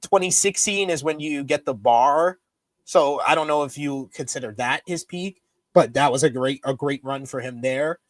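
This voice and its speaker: A man co-hosting a casual wrestling review chat, animated and laughing as he tells stories. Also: mid-range voice, normal speed, no room sound, studio quality. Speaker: co-host of wrestling review show.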